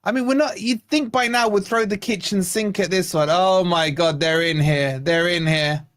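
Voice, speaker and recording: A man's voice: high-pitched, fairly even intonation, moderate pace, fairly bright tone, clear, resonant tone. A man hosting a live football watch-along, blunt and sarcastic, venting about his team as the match plays out. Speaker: fan channel host.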